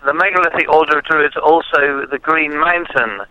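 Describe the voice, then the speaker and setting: A man's voice: a little high, steady tone, moderate pace, pushed and bright. A man with an English West Country accent, talking as a guest on the phone, hesitant with many ums. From England, West Country. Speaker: guest, druid teacher. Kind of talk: phone interview. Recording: lo-fi phone line.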